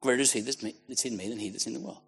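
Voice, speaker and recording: An Australian man preaching a sermon to a congregation, fervent and exhorting, dropping to hushed tones and then rising to near shouts. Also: medium pitch, racing, vocal fry, husky.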